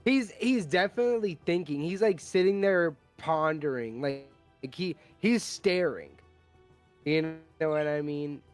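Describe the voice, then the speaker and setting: A man's voice: on the high side, expressive, measured pace, faint music behind. A man playing a tabletop game, describing his character in loose, rambling casual chat. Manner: loose, rambling, fillers and laughs. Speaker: player.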